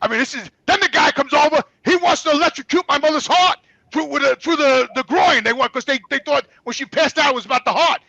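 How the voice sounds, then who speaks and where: A middle-aged man telling stories as a guest, profane, heated and animated. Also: extremely high pitch, fast talker, creaky, no room sound, muffled recording. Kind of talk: casual storytelling.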